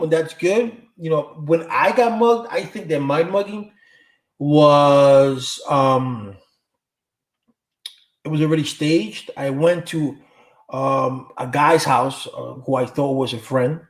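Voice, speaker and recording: A man's voice: fairly high pitch, measured pace. A middle-aged man talks casually to his livestream viewers with a slightly raised voice. He rambles through stories and replies to comments, using street slang and plenty of cursing. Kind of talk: casual storytelling chat.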